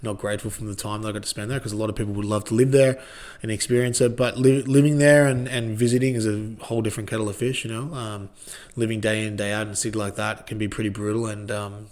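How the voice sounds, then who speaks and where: A man's voice: fairly low pitch, flat delivery, fast, darkish tone. A man in his thirties with an Australian accent, chatting as a podcast guest in a laid-back, rambling way and swearing freely. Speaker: guest, former rugby league player. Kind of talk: casual podcast chat.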